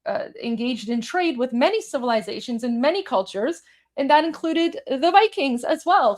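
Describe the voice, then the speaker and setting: High-voiced chatty woman livestream host. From Iranian heritage. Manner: chatty, many fillers and restarts. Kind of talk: casual livestream chat reading viewer comments.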